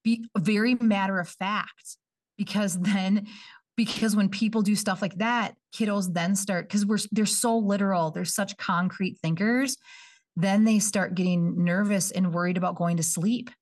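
Woman explaining little kids to parents, animated, sits back from the mic a bit. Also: medium pitch, a little slow, recorded from a distance. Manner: animated, acts out parents and kids in quoted voices. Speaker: early childhood coordinator, guest. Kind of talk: casual podcast chat.

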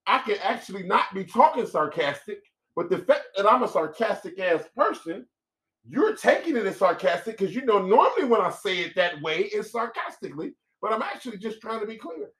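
A man co-hosting a casual podcast with his wife, talking loudly and bluntly and swearing freely. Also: sits high, a little fast, far from the mic. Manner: loud, profane, animated talker. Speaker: co-host. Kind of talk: casual couple's podcast chat.

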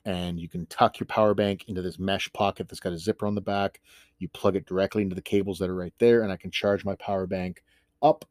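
Podcast host, male, lowish voice, dry close sound, rambling and self-mocking. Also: steady tone, fast talker, darkish tone, no room sound. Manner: chatty, ranting, self-deprecating. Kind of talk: casual solo podcast talk.

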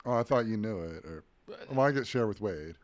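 A man with an animated, lively voice swapping stories on a casual podcast. He leans on fillers like "like" and laughs his way through the funny bits. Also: lowish voice, fairly quick, no room sound. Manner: storytelling with lots of fillers; laughs often while telling stories. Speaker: podcast co-host. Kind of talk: casual chat.

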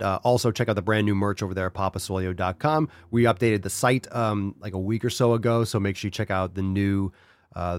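A man's voice: lowish voice, a little mellow, clear, resonant tone, dry recording, studio quality. A man hosting a podcast in casual, exasperated commentary. He swears freely and talks straight to his audience. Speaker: podcast host.

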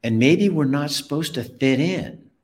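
An earnest five-year-old boy speaks up thoughtfully, his voice pitched high as a man puts him on. It is part of a spoken personal story. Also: lively intonation, unhurried.

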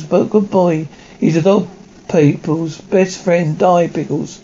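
A man's voice: on the high side, steady tone, dark tone. Man voicing a whole cartoon cast, lo-fi. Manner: switches rapidly between character voices and sound effects. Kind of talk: one-man comic voice acting of many characters.

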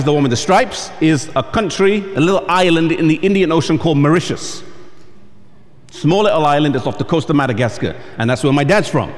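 A man with an English accent, a pastor, preaching a sermon and telling stories with acted-out voices. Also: on the high side. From England. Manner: storytelling, acting out quoted voices. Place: camp meeting hall. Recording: long reverb in a large hall.

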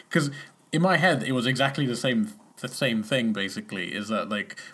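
A man's voice: mid-range voice, lively intonation, moderate pace, fairly bright tone. A man casually recapping a TV episode, rambling and acting out characters' lines. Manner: rambling, acts out characters' lines, frequent restarts.

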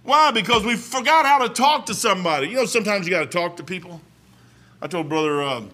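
High, bright-voiced folksy male preacher. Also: lively intonation, brisk. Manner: folksy, storytelling, swings from quiet asides to loud exhortation. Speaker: pastor. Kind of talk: sermon.

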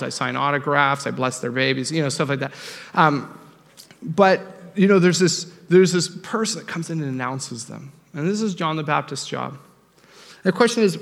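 Young pastor preaching in a reverberant church. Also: male voice, a little high, creaky. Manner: animated, joking, conversational preaching. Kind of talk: sermon. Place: church sanctuary. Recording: long reverb of a church hall.

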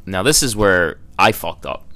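Male co-host, low voice, loose storyteller. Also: expressive, normal speed, pushed and bright, slight background noise. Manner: rambling anecdote teller, swears. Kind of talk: casual storytelling.

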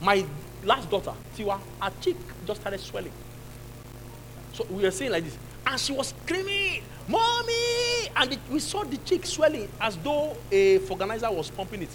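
A Nigerian male pastor delivers a lively sermon in a high, bright voice. His pitch leaps all over as he builds, shouting rebukes at the devil and laughing with his listeners. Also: normal speed, slight background noise, poor audio. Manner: animated preaching, shouting at the devil, laughing with the congregation.

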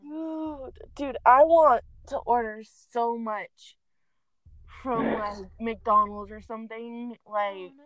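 A woman's voice: a little high, fairly even intonation, slow, fairly bright tone, no room sound, poor audio. A young woman chatting casually from the back seat of a car, giggling and rambling as she swears freely. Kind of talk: casual chat.

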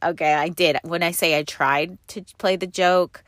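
A woman's voice: fairly low pitch, fairly even intonation, moderate pace, a bit bright, dry recording, studio quality. A middle-aged woman hosting her own podcast from inside a car, telling rambling, upbeat stories full of fillers. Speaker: podcast host. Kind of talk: casual chatty podcast monologue.

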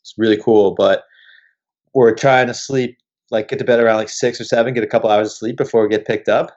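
A young man with a lowish voice tells animated, expletive-laced stories as a podcast guest. The sound is dull and lo-fi, with the top end muffled. His delivery is loose and conversational. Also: a little fast. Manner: swears freely, animated anecdotes. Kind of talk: casual storytelling chat. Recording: dull lo-fi recording.

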